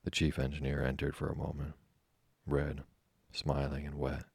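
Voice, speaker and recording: A man narrates an audiobook in an even, unhurried manner. His voice sits extremely low and has a gravelly creak. The recording is dry and close. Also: dry recording. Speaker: audiobook reader.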